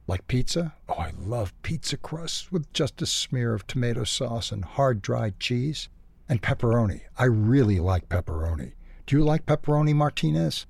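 A man's voice: medium pitch, big pitch swings, a little fast, vocal fry, a little mellow, no echo, pitched above the performer's own voice. A man voicing a hungry, anxious little male animal in a storybook who whines and chatters about food. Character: jittery hungry little male critter, always whining.

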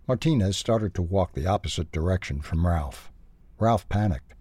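A man reading a children's storybook aloud, expressive and lively. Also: sits low, normal speed, slightly rough, no room sound.

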